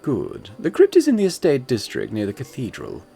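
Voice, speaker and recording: A man's voice: medium pitch, huge pitch swings, moderate pace, creaky, mellow, slightly rough, faint music behind, pitched above the performer's own voice, full character voice. A man voicing a posh, scheming woman crime boss in a haughty drawl, in a tabletop game. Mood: commanding.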